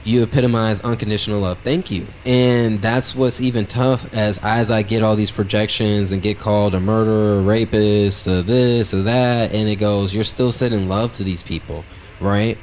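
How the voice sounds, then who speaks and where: A man's voice: fairly low pitch, steady tone, normal speed, a little mellow, slight background noise. Blunt, profane storytelling man. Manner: blunt, profane, brutally honest; loose and rambling, heavy with "like" and "right?". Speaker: podcast host. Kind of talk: casual storytelling monologue.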